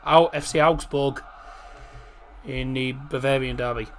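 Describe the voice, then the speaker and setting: A man's voice: mid-range voice, steady tone, measured pace, fairly bright tone, faint music behind. A man hosting a casual live football watchalong stream, reading out lineups and chatting with viewers. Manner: chatty, reads out chat messages and team lineups.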